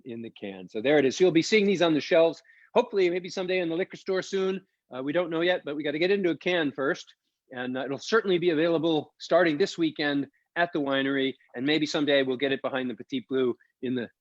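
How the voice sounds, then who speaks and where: A man's voice: medium pitch, no room sound, highs cut off. A man co-founding a winery, presenting a live online wine tasting in an enthusiastic, chatty way and explaining as he tastes. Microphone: video call.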